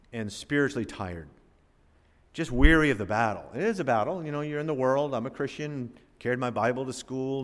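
Folksy Florida preacher in a reverberant church. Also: male voice, medium pitch. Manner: folksy and conversational, addresses the congregation directly. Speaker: pastor. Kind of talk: storytelling sermon. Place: church sanctuary. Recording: long reverb of a church hall.

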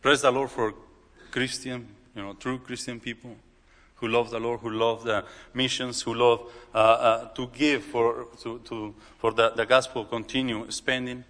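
A man's voice: medium pitch, flat delivery, fairly bright tone. Mexican-accented man preaching in a reverberant hall. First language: Spanish. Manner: halting, repeats words, broken English. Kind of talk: sermon.

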